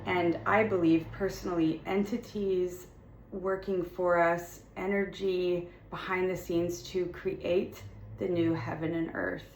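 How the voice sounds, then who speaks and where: A woman's voice: fairly low pitch, level tone, takes it slowly, a little hiss or hum. A woman speaking as a spiritual content creator, giving impassioned encouragement to her viewers in a fervent, repetitive way with emphatic declarations. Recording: roomy echo with faint ambience.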